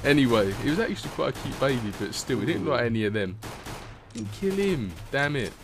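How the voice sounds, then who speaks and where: A man's voice: medium pitch, lively intonation, fast talker, music in the background. A young man, chatting casually over gameplay in a rambling, swear-heavy way. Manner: rambling, swears often, laughs at own stories. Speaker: gaming commentator.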